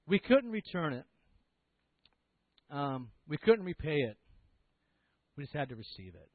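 A man's voice: fairly high pitch, big pitch swings, measured pace, long pauses, no room sound. Man preaching, phone-like tinny sound. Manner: storytelling, then earnest gospel appeal. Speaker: pastor. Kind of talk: sermon with personal story.

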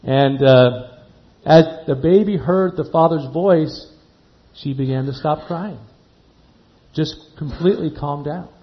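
A man preaching a sermon, slowing down and dropping to a quiet hush on key words, then lifting his voice again. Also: a little high. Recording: dull lo-fi sound.

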